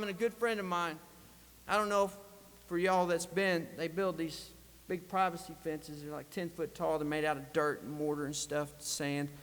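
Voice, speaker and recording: Earnest man, high voice, echoing chamber. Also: a bit bright. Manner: earnest storytelling, emotional. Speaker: state legislator. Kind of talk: farewell speech. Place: legislative chamber. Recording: long reverb of a large chamber.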